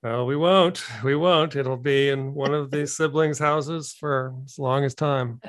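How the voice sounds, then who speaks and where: Slow-talking amused listener. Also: medium pitch, steady tone, dry recording. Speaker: listener asking questions. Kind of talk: casual conversation.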